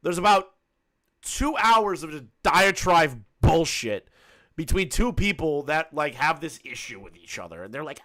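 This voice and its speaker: A man's voice: fairly high pitch, very animated, normal speed, a bit bright. A man giving sarcastic, swearing commentary on a played call recording, often laughing. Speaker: commentary youtuber.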